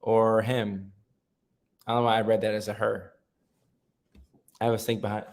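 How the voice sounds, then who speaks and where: A man's voice: lowish voice, flat delivery, normal speed. A man in his thirties hosting a casual live stream, chatting loosely with viewers and reading their comments aloud with frequent restarts. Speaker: livestream host.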